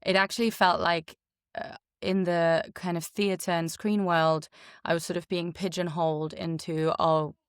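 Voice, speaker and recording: A woman with a hybrid, hard-to-place international accent and German as her first language talks in a podcast interview. Her voice sits a little low, and she chats in a lively way with plenty of "like". The sound is close and dry. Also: a little slow, smooth, no echo. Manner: lively, chatty, heavy use of "like". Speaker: voice actor guest.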